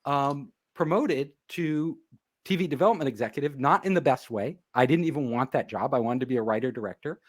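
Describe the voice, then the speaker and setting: A man's voice: mid-range voice, brisk. A man, a guest on an interview show, telling a story in casual conversation and acting out the people in it. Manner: animated, acts out quoted dialogue.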